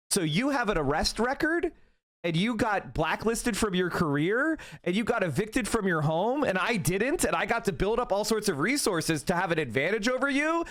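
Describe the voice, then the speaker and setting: Animated ranting male streamer. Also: high voice, normal speed. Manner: heated, ranting, profane. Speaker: streamer host. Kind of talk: casual political commentary.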